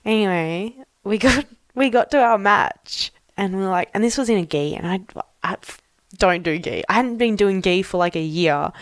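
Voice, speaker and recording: A young Australian woman chatting with a friend, animated and quick to laugh, cursing freely as she tells a story. Her voice sits mid-range and is recorded dry and close. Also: mid-range voice, dry recording. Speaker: podcast co-host. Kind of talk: casual chat.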